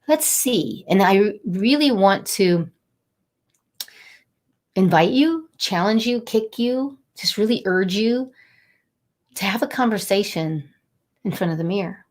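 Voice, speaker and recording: A middle-aged woman talking warmly and a little rambling as she encourages viewers during a live motivational stream. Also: mid-range voice. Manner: warm, encouraging, rambling and conversational. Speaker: angel card reader and inspirational host.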